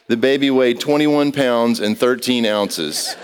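A man's voice: medium pitch, unhurried. A man preaching a conversational sermon, telling stories and quizzing his congregation in a large church. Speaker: pastor. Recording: long reverb of a large hall.

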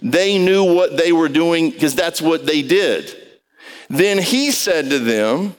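A man's voice: a little high, expressive, slow pace. A man preaching a conversational sermon, telling stories and quizzing his congregation in a large church. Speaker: pastor. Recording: long reverb of a large hall.

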